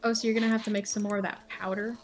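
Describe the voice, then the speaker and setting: A woman's voice: mid-range voice, level tone, rapid-fire, darkish tone, soft background music. A woman co-hosting a gaming channel, chatting offhandedly while playing. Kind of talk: casual gaming chat.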